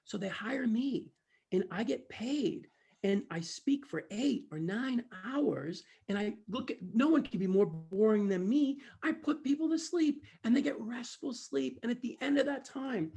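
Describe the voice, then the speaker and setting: A man's voice: very high-pitched, unhurried, gravelly, darkish tone, breathy edge. A man speaking as a guest sales trainer on a video call, telling a humorous story in a playful, self-mocking way.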